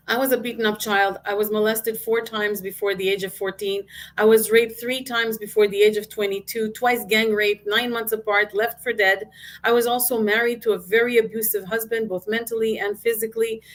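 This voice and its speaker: A middle-aged woman, a business coach and guest speaker, telling her life story in an interview with emotion and acted-out quotes. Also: medium pitch.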